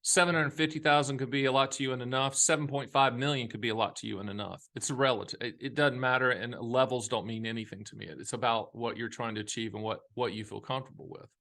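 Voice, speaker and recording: A man's voice: mid-range voice, fairly even intonation, fast talker, few pauses, bright, forceful tone. A man in his fifties hosting a casual monologue on retirement money, folksy and emphatic, with jokey asides and a touch of a Southern accent. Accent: Southern US at times. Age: 50s. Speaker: annuity advisor and show host.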